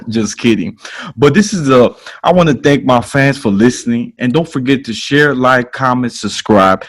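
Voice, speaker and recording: A man with a Chicago accent hosts a casual podcast, joking and hyping things up with street slang. His voice sits at an ordinary middle pitch. He tells stories in a loose, animated way. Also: normal speed. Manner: playful, hype storytelling with laughs and slang. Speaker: podcast host.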